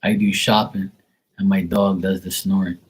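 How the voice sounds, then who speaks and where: A man's voice: deep voice, flat delivery, moderate pace, breathy edge, poor audio. A man hosting a casual livestream tarot reading, joking and swearing as he reads the chat aloud. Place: Bermuda.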